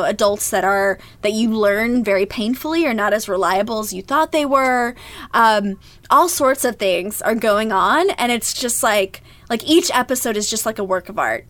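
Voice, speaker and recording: A woman's voice: mid-range voice, a bit bright. A woman co-hosting a podcast, chatting casually and enthusiastically and laughing often. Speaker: podcast co-host. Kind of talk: casual chat.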